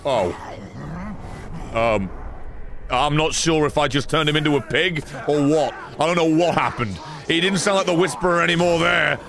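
A man giving live gameplay commentary, excitable, swearing and bursting into laughter. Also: on the high side, moderate pace, noisy background. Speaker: gaming streamer.

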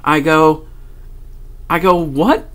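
A man vlogger telling a personal story in a casual, animated way, swearing freely and laughing often. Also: mid-range voice, a little slow.

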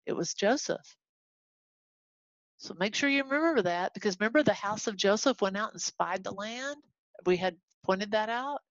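A woman from Texas teaching a casual Bible lesson to a class, animated and chatty, acting out the people in the story as she goes. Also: medium pitch, normal speed, dry recording. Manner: animated, acts out quoted voices, chatty asides. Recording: dull lo-fi recording.

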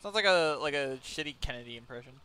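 A man chatting excitedly while playing a game, with loud outbursts and a lot of swearing. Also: a little high, fast, very noisy. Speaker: gamer. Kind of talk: casual gaming chat.

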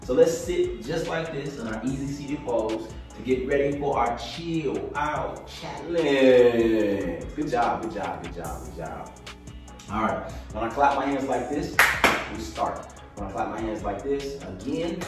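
A man leading a kids' yoga lesson on a video call, hyping the children up, then guiding slow breathing in a soft voice. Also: medium pitch. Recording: echoey room, far from the mic.

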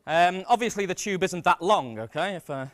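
A man gives a comic science demonstration to a live audience. His voice sits high and swoops about, and he talks in an energetic, self-mocking way. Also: normal speed, slight background noise. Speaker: science presenter. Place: stage before a live audience.

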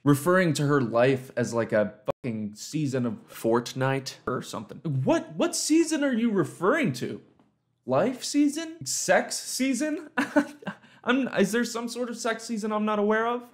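A man's voice: high voice, expressive, measured pace. A young man doing comedic reaction commentary, incredulous and swearing often, laughing at the clips. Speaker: commentary YouTuber.

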